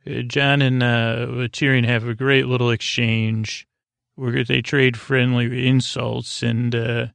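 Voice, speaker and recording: A man's voice: mid-range voice, flat delivery, takes it slowly, gravelly, fairly bright tone, smooth, no room sound. A male podcast host giving a casual, rambling recap of a TV episode and often correcting himself mid-sentence. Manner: rambling, loose, self-correcting.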